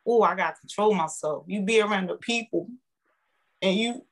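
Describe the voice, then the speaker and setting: A woman speaking, giving an emotional, heartfelt testimonial as a guest, animated and repeating herself for emphasis. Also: mid-range voice, normal speed, vocal fry, poor audio. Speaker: guest, network marketing member.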